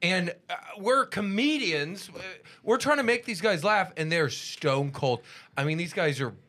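A man chatting on a podcast with a lively, swooping delivery and a bright, forward tone. He jokes and swears freely, sometimes mimicking others. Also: sits high, a little slow. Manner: joking, profane, mimics voices. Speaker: podcast co-host. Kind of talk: casual chat.

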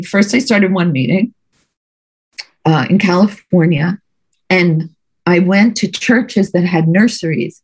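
Husky low-voiced woman sharing her story. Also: darkish tone. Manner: earnest, conversational, repeats words for emphasis. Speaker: guest speaker at a recovery meeting. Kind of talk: personal recovery testimony.

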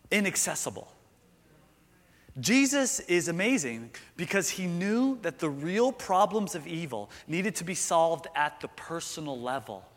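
A man preaching in a slightly high voice, earnest and conversational, asking his listeners questions. His words ring out with a long reverb from a large hall. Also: fairly bright tone. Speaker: pastor. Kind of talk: sermon.

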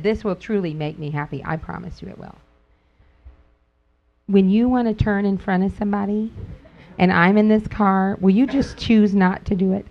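A middle-aged woman tells a story to a group with animated energy, laughing as she goes and jumping up into high squeals when she acts out what people said. Her voice sits at an ordinary middle pitch. The recording is dull and lo-fi. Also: creaky. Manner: laughs often while talking. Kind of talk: casual talk to a group.

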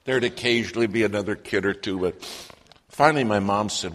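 A man with a low, steady voice tells a story from the pulpit. His speech rings with the long reverb of a large hall. He quotes other people in his own voice. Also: brisk. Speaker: preacher telling a personal story. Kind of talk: sermon storytelling.

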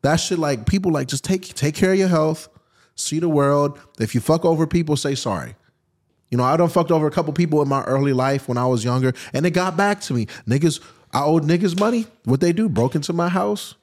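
A man in his early thirties, a podcast guest telling stories in a slangy, profane, animated way and acting out the scenes. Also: fairly high pitch, a little fast. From United States. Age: early 30s. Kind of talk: casual podcast storytelling.

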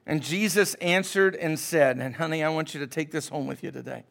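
A man's voice: fairly high pitch, fairly quick, gravelly, fairly bright tone. A man preaching a sermon as pastor, emphatic and calling out to his congregation for responses.

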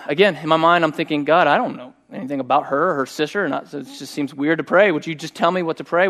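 A middle-aged man preaching a sermon, telling a personal story in a conversational, animated way. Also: a little high. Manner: conversational and animated, voicing quoted speech. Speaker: pastor.

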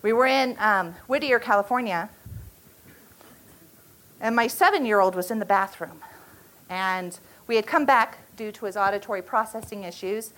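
A woman in her forties teaching at a church retreat, speaking earnestly with halting restarts and an emotional storytelling manner. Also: medium pitch, fairly bright tone, rough recording.

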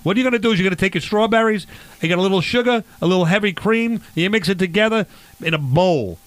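A man's voice: high-pitched, fast, a bit bright, no room sound. A man hosting a comedic cooking segment, rambling and playfully confused as he talks about food. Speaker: comedic barbecue host character.

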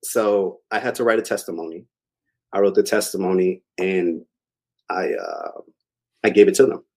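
A young man with a slightly low voice tells a personal story in a relaxed, rambling way. He keeps it casual and conversational, with plenty of filler words. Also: normal speed, gravelly. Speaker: interview guest.

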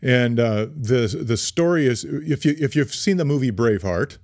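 Older male podcast co-host, halting casual delivery, dry studio mic. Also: mid-range voice, lively intonation, a little mellow, no room sound. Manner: hesitant, many fillers and restarts, playful teasing. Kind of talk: casual chat. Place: small home studio. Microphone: studio microphone.

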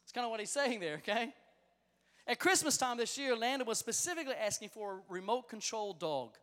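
A man in his thirties, a youth pastor, preaching a sermon and telling family stories with lively excitement. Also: very high voice, a little fast. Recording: long reverb of a large hall.

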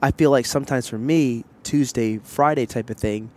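A man's voice: medium pitch, moderate pace, a little mellow. A man hosting a podcast, telling a long personal story in a candid, rambling way, full of fillers and side remarks, recorded outdoors in public on a headset mic. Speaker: podcast host. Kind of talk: casual chat.

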